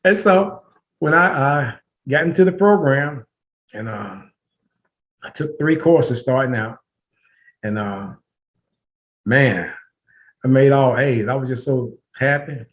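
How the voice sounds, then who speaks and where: A middle-aged man, a podcast guest, telling a personal story in a lively way and acting out the back-and-forth of conversations. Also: medium pitch, takes it slowly, pauses often. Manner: lively storyteller who acts out dialogue with laughter. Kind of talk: storytelling in an interview.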